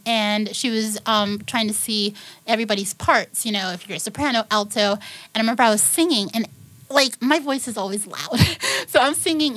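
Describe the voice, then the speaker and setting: A woman's voice: a little high, a bit bright, poor audio. A woman guest telling a personal story in a podcast interview, acting out the people in it and speaking earnestly about her faith. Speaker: guest singer. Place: recording studio.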